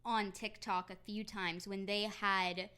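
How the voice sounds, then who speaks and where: A young American woman co-hosts a friendly podcast chat. She is quick and teasing, often trailing off softly, at an ordinary mid pitch. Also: little pitch movement, clean tone. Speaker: podcast co-host. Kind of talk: casual chat among friends.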